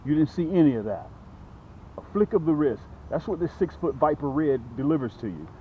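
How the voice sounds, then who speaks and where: Lively excited man vlogging from a boat. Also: on the high side, brisk. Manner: excited, chatty, talks straight to viewers. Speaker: fishing channel host. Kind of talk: casual fishing vlog commentary. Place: on a small boat outdoors on a lake. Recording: dull lo-fi outdoor audio with faint noise.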